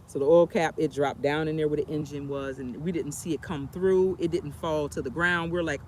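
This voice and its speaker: With slight background noise behind her, a travel vlogger chats on a storytime livestream from an outdoor bench. Her voice is deep and darkish at normal speed, and she rambles with plenty of fillers.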